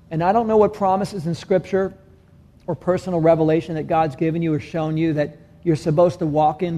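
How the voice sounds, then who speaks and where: Earnest pastor man, warm voice. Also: sits high. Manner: earnest, building emphasis with repeated phrases. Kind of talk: sermon. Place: church sanctuary.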